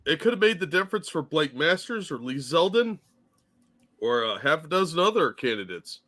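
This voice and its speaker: A man's voice: on the high side, big pitch swings, normal speed, bright, forceful tone. A man co-hosting a casual political talk stream, blunt and profane as he rants.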